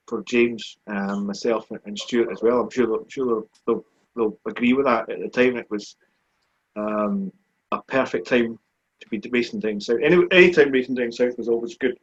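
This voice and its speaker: A Scottish man in his forties talks back over his racing years in a relaxed, plain-spoken way. His voice is husky and sits at a middle pitch. The sound is dull and muffled, like lo-fi stream audio. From Scotland. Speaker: guest, speedway rider. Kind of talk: live online chat.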